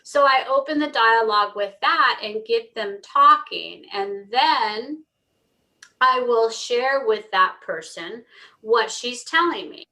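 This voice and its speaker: Earnest middle-aged woman guest, bright clear tone, storytelling podcast talk. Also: on the high side, animated, slow pace, low-quality recording. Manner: earnest, storytelling, acts out dialogue. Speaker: pet communicator guest. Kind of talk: conversational interview explanation.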